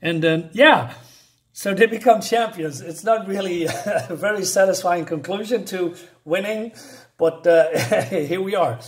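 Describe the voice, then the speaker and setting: A man talking through a comic book issue page by page in a casual, halting way, with many fillers and the odd chuckle. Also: sits high.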